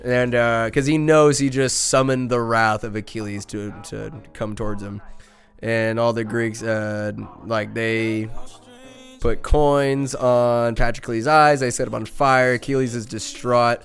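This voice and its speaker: A man's voice: mid-range voice, steady tone, a little slow, soft background music. A man hosting a podcast, recapping a movie in a casual comic way, crude and joking, rambling with lots of fillers. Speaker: podcast host.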